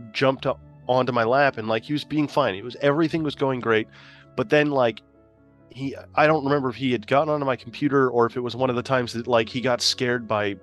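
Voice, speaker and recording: A man's voice: medium pitch, fairly bright tone. A man chatting casually as a tabletop game player, telling a rambling story with plenty of swearing and laughter. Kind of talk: casual chat.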